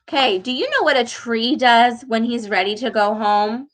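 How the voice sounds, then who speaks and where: A young woman leading a speech lesson for children, animated and exaggerated, with frequent gasps and slow, deliberate words. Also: fairly high pitch, rough recording. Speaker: speech therapist reading with children.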